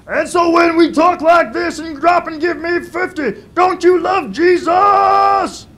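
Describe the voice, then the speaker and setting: A man voicing a drill sergeant puppet, shouting commands. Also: very high-pitched, slow pace, voice pushed up, heavily acted. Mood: barking.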